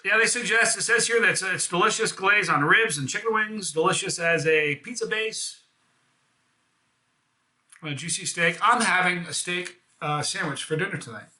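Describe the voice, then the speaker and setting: A man's voice: high voice, normal speed, sharp tone, roomy sound. A man from the United States hosting a casual live hot sauce review, chatty and enthusiastic, with self-deprecating jokes.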